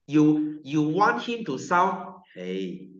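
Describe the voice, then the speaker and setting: A man's voice: mid-range voice, big pitch swings, moderate pace, fairly bright tone. A male science teacher with a Malaysian English accent lecturing a class, joking, repeating himself and firing questions at students. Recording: roomy classroom, dull lo-fi sound.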